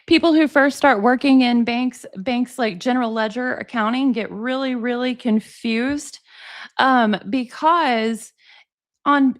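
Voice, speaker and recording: A woman in her forties reacting on a live stream, sarcastic and exasperated, often laughing, greeting her chat between remarks. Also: high voice. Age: 40s. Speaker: commentary streamer.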